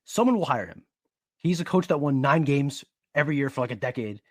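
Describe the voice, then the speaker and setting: A man co-hosting a casual sports podcast, explaining in a steady, analytical way. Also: mid-range voice, a little fast, no echo, studio quality. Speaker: podcast co-host.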